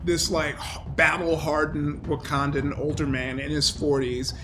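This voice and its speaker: A man's voice: on the high side, little pitch movement, unhurried, noisy background. A man running a tabletop game as game master, narrating loosely with lots of fillers and laughs.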